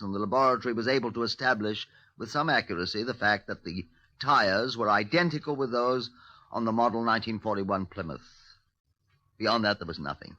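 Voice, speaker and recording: An actor playing a formal, matter-of-fact police inspector narrating an old radio drama. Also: male voice, medium pitch, bright, forceful tone, dry recording. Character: measured middle-aged male police inspector narrator. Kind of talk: 1940s radio acting. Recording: dull, lo-fi, dry old radio recording.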